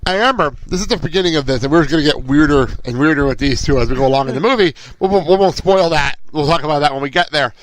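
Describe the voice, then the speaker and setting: A man hosting a casual movie podcast, excitable and often laughing, sometimes losing his train of thought. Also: on the high side, racing, hardly any pauses, no echo, rough recording. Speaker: podcast host.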